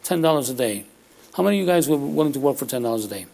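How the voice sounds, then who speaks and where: A man gives a sermon in an animated, conversational way, his gravelly voice pitched at an ordinary middle range with a darkish tone. He often pauses to ask his listeners "all right?"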